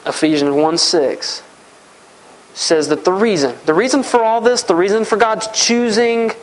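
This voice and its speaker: A man's voice: high-pitched, measured pace, slight background noise, rough recording. A man preaching a sermon, earnest and repetitive, often voicing heartfelt prayers aloud.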